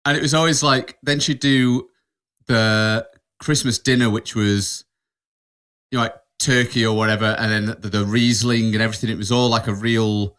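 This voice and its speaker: A man with a mid-pitched, bright and forward voice chats on a podcast. He drops wry, dry one-liners into the story. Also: fairly even intonation, normal speed, clear, resonant tone. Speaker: podcast co-host. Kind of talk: casual storytelling chat.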